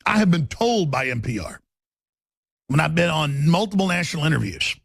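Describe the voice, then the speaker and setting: A man hosting a talk radio show, with a raspy voice and an intense, forceful delivery that swings between fast and slow. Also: fairly high pitch, sing-song, dry recording. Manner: intense, forceful, shifting pace.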